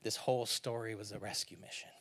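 A man preaching a sermon, moving between quiet, low asides and loud, emphatic passages while reading scripture aloud. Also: steady tone, quick pace. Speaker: pastor.

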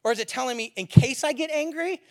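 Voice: high voice, quick pace. A pastor preaching a sermon with rising passion, building to fiery emphasis and then settling back.

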